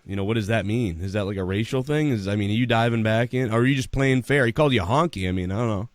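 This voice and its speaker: A man's voice: lowish voice, quick pace, dry recording. A man hosting a call-in show, joking around with callers and laughing a lot. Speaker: host. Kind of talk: casual call-in show banter.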